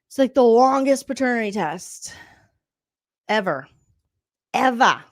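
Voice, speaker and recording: A woman's voice: fairly high pitch, expressive, measured pace. A woman comedian hosting a reality-TV recap vlog, talking sarcastically and breaking into mocking impressions.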